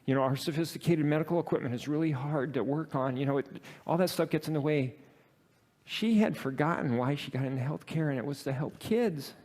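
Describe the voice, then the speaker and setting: A man's voice: a little high, a little fast, a little mellow. Man telling a story with many fillers. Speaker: presenter telling a work story. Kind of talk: storytelling talk to an audience.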